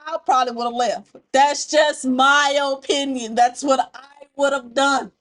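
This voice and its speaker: Animated high-voiced woman vlogger. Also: measured pace. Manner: animated, talks straight to the audience. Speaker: story-time reaction vlogger. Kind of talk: casual chat to viewers.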